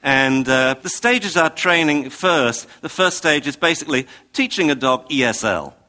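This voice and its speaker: A man from England giving a recorded talk, animated and comic, acting out scenes. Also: on the high side, moderate pace. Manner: animated, comic, acts out owners. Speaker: speaker.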